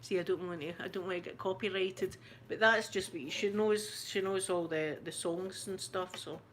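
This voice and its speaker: A Scottish woman running an ASMR channel chats and rambles with live-stream viewers, laughing a lot. Her fairly low, a bit bright voice keeps fairly even intonation at a moderate pace, with a little hiss or hum.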